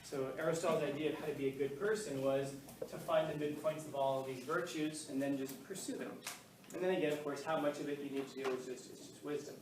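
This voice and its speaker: A man's voice: on the high side, fairly even intonation, fast. A male teacher giving a casual, joking classroom lecture, full of fillers and questions to the class. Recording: echoey classroom, mic far off, faint noise.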